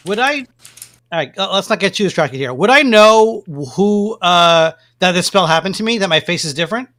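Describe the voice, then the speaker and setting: A man playing a tabletop role-playing game in casual chat, halting and repeating words as he thinks. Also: sits high, animated, sharp tone. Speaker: player.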